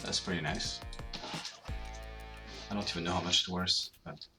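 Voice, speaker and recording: Low-voiced man, music behind. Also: normal speed. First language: French. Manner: relaxed, rates items as they unbox. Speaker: game channel host. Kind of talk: casual gameplay commentary. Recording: game music clearly audible underneath.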